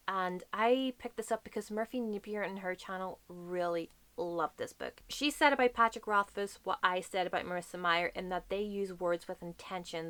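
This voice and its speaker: A woman's voice: medium pitch, sharp tone, no echo. A woman reviewing the books she read this month in a casual, effusive chat, swearing now and then. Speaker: book reviewer. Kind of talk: casual monthly book wrap-up.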